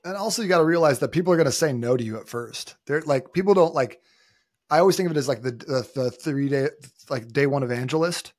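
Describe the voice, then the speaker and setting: A man in his thirties, guesting on a podcast, tells stories in casual conversation with a slightly high voice and quick pace. He's an animated storyteller who acts out the voices of the people he quotes, captured in clean, echo-free studio sound.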